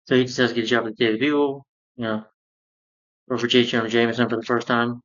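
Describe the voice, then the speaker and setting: A man's voice: mid-range voice, level tone, quick pace, a bit bright, lo-fi sound. A man casually recapping and reviewing a cartoon episode, rambling along with lots of "you know" fillers.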